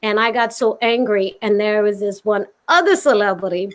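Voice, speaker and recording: A woman's voice: mid-range voice, normal speed. A woman with a Brooklyn accent, an actress guest on a video call, telling a story vividly and acting out the quotes. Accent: Brooklyn New York. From Brooklyn, New York. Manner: vivid, emotional, acts out quotes. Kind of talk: animated storytelling. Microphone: video call mic.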